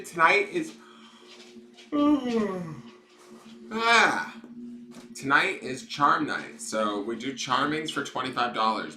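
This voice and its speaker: A man's voice: lowish voice, sharp tone. A man who reads tarot, chatting casually and rambling to his livestream viewers from a desk at home, swearing freely. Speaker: tarot reader hosting live readings. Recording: echoey room with clear background noise.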